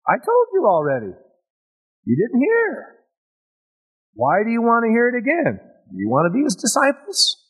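A man's voice: very high voice, wildly swooping pitch, normal speed, long pauses, fairly bright tone, breathy edge, pitched above the performer's own voice, exaggerated voice. A man putting on a sarcastic healed blind man. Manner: mocking, impatient questioning.

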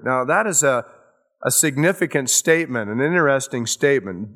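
A pastor delivers a verse-by-verse Bible teaching, slow and earnest, his volume rising and dropping as he acts out quotes in casual modern words. His voice is medium-pitched, expressive, and fairly bright in tone.

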